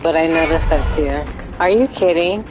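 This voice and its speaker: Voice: mid-range voice, moderate pace, over music, rough recording. A live streamer chatting casually and rambling through gameplay commentary, sometimes swearing when frustrated.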